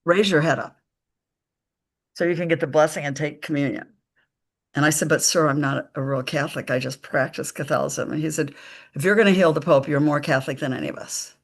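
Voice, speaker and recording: A woman, a psychic medium guest, telling stories slowly and emphatically in a live conversation, acting out the dialogue. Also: sits low, fairly even intonation. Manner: slow, emphatic storytelling with quoted dialogue.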